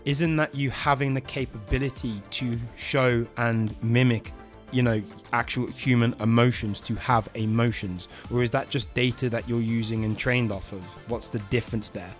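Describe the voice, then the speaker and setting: A man's voice: mid-range voice, steady tone, normal speed, soft background music. British man rambling enthusiastically. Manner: enthusiastic, talks in long rambling requests. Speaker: podcast host. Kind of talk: casual chat testing an AI.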